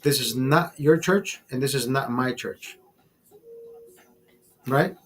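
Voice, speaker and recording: A man's voice: medium pitch, takes it slowly, a bit bright, a little hiss or hum. A man hosting a casual livestream, swearing freely as he tells a story with emphasis and talks to his chat. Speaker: livestream host.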